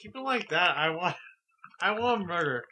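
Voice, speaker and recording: A man's voice: high voice, very animated, a little slow, pushed and bright. A young man co-hosting a podcast, dropping short blunt reactions in casual chat. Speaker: podcast co-host.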